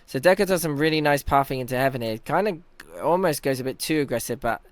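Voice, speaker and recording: Brief: young man, mid-pitched and close, dry sound, casual self-teasing match breakdown. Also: fast, no room sound. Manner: chatty, analytical, self-teasing. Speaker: team captain and in-game leader. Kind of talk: casual commentary over match footage.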